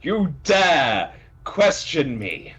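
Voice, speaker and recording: A man voicing a boastful, dim male dog warrior who blusters loudly. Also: fairly high pitch, sing-song, extremely slow, voice pushed up, exaggerated voice.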